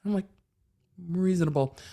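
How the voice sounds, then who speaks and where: Woman, livestream host, casual chat, swears freely, slightly low voice. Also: normal speed. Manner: animated, laughing, swearing freely. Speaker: legal commentary livestream host.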